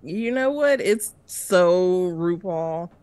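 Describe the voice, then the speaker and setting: A woman's voice: on the low side, lively intonation, extremely slow, a little mellow, clean tone. A woman co-hosting a casual review chat, laid-back, often answering with short agreeing replies. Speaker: co-host reviewing a reality show.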